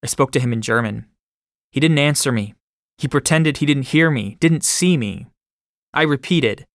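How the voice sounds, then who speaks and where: Guy reading a war memoir, measured delivery, mid pitch, super dry studio sound. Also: a bit bright, dry recording. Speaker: audiobook narrator. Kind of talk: first-person memoir narration.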